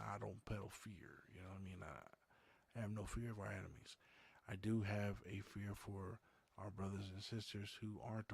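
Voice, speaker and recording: Host, male, low and husky, loose rambling livestream chat, dry close sound. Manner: rambling, conversational, many fillers. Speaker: podcast host. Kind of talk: casual livestream chat, reading viewer comments.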